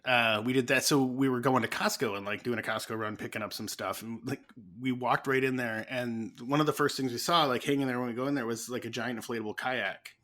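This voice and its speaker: A man with a bright, sharp voice at a middle pitch tells a casual story as a podcast co-host. He piles on fillers and restarts as he goes. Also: a little fast, hardly any pauses. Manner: animated, many fillers.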